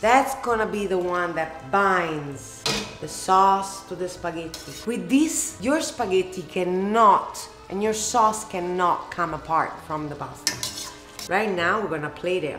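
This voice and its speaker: Italian-accented woman, cooking host, lowish voice, emphatic and expressive, faint music underneath. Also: measured pace. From Italy. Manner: expressive and emphatic, lingers on words. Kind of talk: casual cooking tutorial with Q&A.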